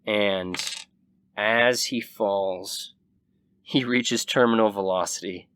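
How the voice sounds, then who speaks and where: A young man in the role of game master, narrating a tabletop game in a vivid, relaxed way. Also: fairly low pitch, takes it slowly, noisy background.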